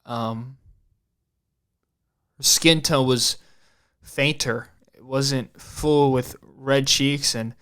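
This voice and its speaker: A young man hosting a podcast, telling a personal story in a halting way, repeating and restarting his phrases and swearing casually. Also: medium pitch, steady tone, a bit bright, clean tone. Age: young adult. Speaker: podcast host.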